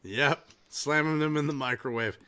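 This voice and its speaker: Guy hosting a podcast, rambly and excitable, pretty high bright voice, curses a lot. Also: normal speed, smooth. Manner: excitable rambling storyteller, swears freely. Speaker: podcast host. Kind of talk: casual comedic podcast banter.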